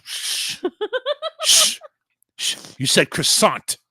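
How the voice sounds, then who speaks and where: A man's voice: drawn-out words, breathy edge, no room sound. A man hosting a radio talk show, teasing and joking crudely in casual studio chat. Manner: playful, crude, teasing, very lively pitch.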